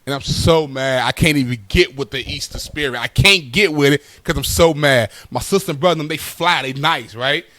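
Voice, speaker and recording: A male comedian telling a stand-up story, animated and full of repeated asides. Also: fairly high pitch, moderate pace, hardly any pauses, no room sound.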